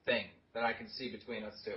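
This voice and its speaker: A man's voice: on the low side, level tone, fast, slightly rough. A man co-hosting a podcast in casual chat, direct and confrontational, swearing freely. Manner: direct, fired-up, swears a lot. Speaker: podcast co-host. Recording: dull lo-fi podcast audio.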